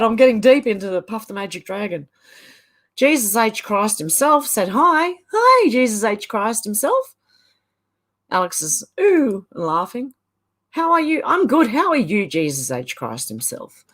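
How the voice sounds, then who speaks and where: Chatty woman reading live chat aloud. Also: medium pitch. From Ireland. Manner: chatty, laughs often, sing-song reading of chat comments. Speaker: livestream host. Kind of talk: casual livestream chat, reading comments aloud.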